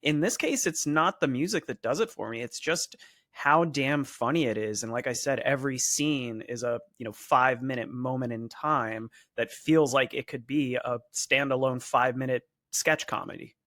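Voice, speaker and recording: A man's voice: mid-range voice, normal speed, fairly bright tone, no echo. Upbeat male podcast co-host, dry sound. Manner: enthusiastic, swears casually, laughs often. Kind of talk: casual film-review chat.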